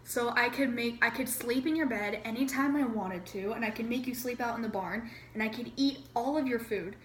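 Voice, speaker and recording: A woman's voice: a little high, moderate pace, a bit bright, reverberant, slight background noise, poor audio. A woman casually retelling a history lesson in a chatty, irreverent way, acting out quotes and swearing now and then. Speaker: amateur history explainer.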